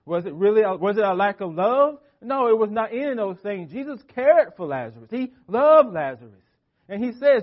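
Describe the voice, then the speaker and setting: A man with a high-set voice preaches a sermon, hammering on repeated phrases and dropping suddenly soft before rising again. The audio is dull and lo-fi. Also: very animated, fairly quick. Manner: emphatic, repetitive preaching with wide swings of loudness. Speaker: pastor.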